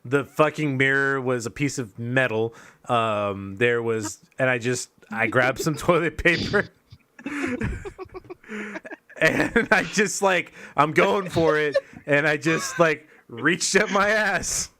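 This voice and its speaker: A man's voice: fairly high pitch, animated, slow pace, bright, forceful tone. A man co-hosting a podcast, telling a long, profane, self-mocking story in casual chat.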